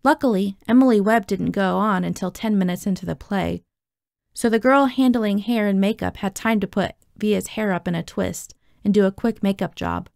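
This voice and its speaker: A woman's voice: mid-range voice, normal speed, vocal fry, darkish tone, dry recording, studio quality. A woman reading a novel aloud, narrating expressively in the first person. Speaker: audiobook reader.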